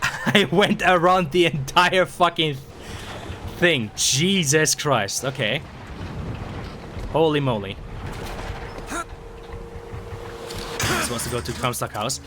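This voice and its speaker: A hoarse young man from Sweden, rambling excitably and swearing while commenting on a game he streams. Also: fairly high pitch, slow, pauses often. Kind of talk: casual gameplay commentary. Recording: stream mic with game noise behind. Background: game sounds.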